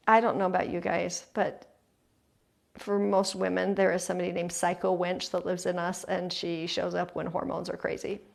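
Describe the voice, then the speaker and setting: A middle-aged woman host talking earnestly and confessionally to listeners about her own life, sometimes dropping to a soft hush. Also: medium pitch, vocal fry. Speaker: podcast host. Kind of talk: heartfelt personal talk to listeners.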